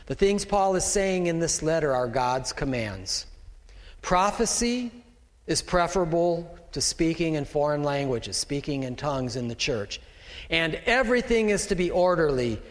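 A middle-aged male pastor preaches from a raised pulpit in a conversational, folksy way, often breaking off to talk straight to his flock. His voice sits a little high for a man and rings out with the long reverb of a large church hall. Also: big pitch swings, normal speed. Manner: conversational, folksy preaching with asides to a slide operator. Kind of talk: sermon.

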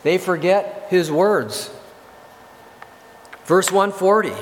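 Male pastor, fairly high voice, emphatic sermon delivery, church reverb. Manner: emphatic, repeats key phrases, slows for scripture. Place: church sanctuary.

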